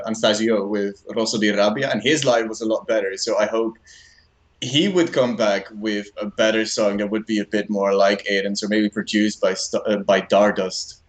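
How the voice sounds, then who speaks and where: A man's voice: lowish voice, low-quality recording. A man co-hosting a live stream, chatting casually in an easygoing way. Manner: easygoing, laughs often. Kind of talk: casual chat.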